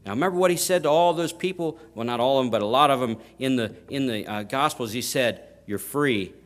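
A man preaching in a homespun, plain-spoken way, with a mid-pitched voice. He leans hard on key words and often restarts his phrases as he builds a point. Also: fast. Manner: folksy, emphatic, rising to loud stresses. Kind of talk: sermon.

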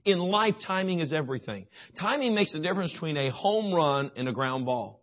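Emphatic, slightly high-voiced male preacher. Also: animated, fairly quick, fairly bright tone. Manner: emphatic, repetitive, asks the crowd questions. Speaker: youth pastor. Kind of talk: sermon to teenagers.

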